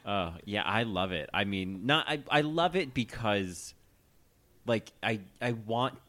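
A man's voice: fairly low pitch, animated, slow pace, bright, forceful tone. A man guesting on a podcast, joking with wry, amused banter. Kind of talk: casual chat.

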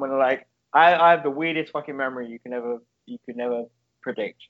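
A man's voice: mid-range voice, fast talker. Sweary rambling man, lo-fi. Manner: sweary, rambling, laughs often. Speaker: podcast co-host. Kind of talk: casual chat. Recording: dull lo-fi sound.

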